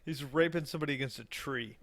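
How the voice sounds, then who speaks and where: A man's voice: mid-range voice, fast, a bit bright. A man with a Southern American accent, co-hosting a casual podcast chat, crude and joking. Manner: crude, joking, slips into mock voices. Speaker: podcast co-host.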